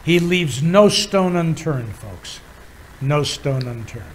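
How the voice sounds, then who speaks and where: Slow, halting male preacher. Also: a little high, animated, a little hiss or hum, rough recording. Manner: halting, many filler pauses, chuckles while teaching. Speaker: pastor. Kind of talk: Bible teaching sermon.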